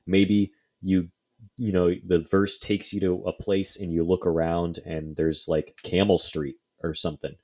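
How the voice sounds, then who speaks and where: A man's voice: sits low, flat delivery, unhurried, a little mellow. A young adult man co-hosting a casual podcast, thinking aloud with many fillers and restarts. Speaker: podcast co-host.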